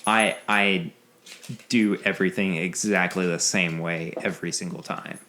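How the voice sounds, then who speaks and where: A man's voice: sits low, fairly even intonation, normal speed, sharp tone, a little hiss or hum. A man hosting a casual bourbon podcast, talking loosely and laughing often. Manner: rambling, laughs often, restarts. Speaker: podcast host. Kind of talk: casual chat.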